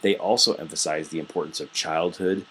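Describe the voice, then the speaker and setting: Guy teacher with a super low voice, talking through his notes casually, lots of ums. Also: steady tone, fairly quick, fairly bright tone, a little hiss or hum. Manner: conversational, explains with everyday examples and frequent fillers. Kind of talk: recorded classroom lecture. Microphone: computer mic while scrolling through notes.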